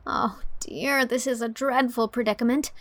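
A woman's voice: on the high side, steady tone, normal speed, no echo, natural voice. A woman voicing an imaginative, talkative teenage heroine who gushes dramatically. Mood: dramatic. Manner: effusive, dramatic.

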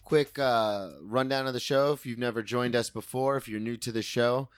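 A man hosting a casual podcast interview, easygoing and quick with interjections. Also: mid-range voice, steady tone, clean tone. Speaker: podcast host.

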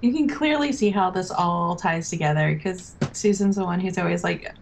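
A woman's voice: on the low side, normal speed, gravelly. Woman on a recap podcast, teasing, dry jokes, bit of hiss. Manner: teasing, dry asides, breaks into laughter. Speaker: podcast co-host. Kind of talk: casual TV recap chat.

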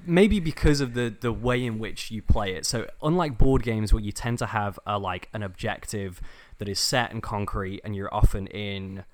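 A man's voice: fairly low pitch, moderate pace. A man with a Northern English accent, chatting casually as an interview guest, friendly and self-deprecating with frequent restarts. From England. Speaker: guest, dungeon master.

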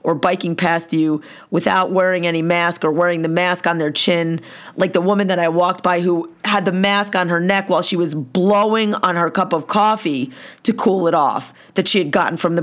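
A woman hosting a podcast, ranting with lots of swearing in a hoarse voice. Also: lowish voice. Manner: profane, heated ranting. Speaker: podcast host. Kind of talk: ranting monologue.

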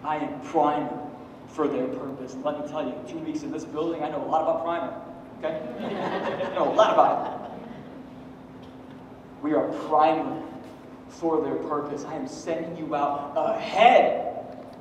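A man in his thirties preaching a sermon, swinging from loud, emphatic peaks down to quiet joking asides. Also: a little high, fairly even intonation, normal speed, long pauses, slight background noise. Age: 30s. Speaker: pastor. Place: church hall. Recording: echoey hall from far off.

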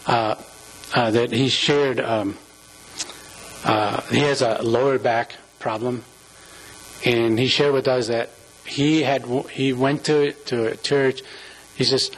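A man with a husky, slightly breathy voice preaches in a church, his delivery halting and full of restarts as he talks earnestly. He sounds moved, close to tears. A low mains hum sits under the recording. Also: fairly even intonation, low-quality recording. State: emotional, near tears. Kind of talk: informal sermon.

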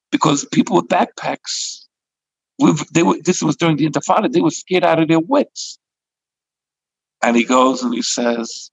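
A male rabbi tells a story in a gravelly, husky voice, with a rough crackle at the bottom of his range. He is animated, slipping in and out of the characters' lines as he goes. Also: a little high, moderate pace, dry recording. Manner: animated storyteller, acts out dialogue. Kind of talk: storytelling sermon.

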